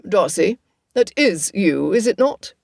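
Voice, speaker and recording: A woman's voice: medium pitch, expressive, unhurried, creaky, a little mellow, no room sound. Woman doing an authoritative older royal man, formal, storybook, dry close sound. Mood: stately.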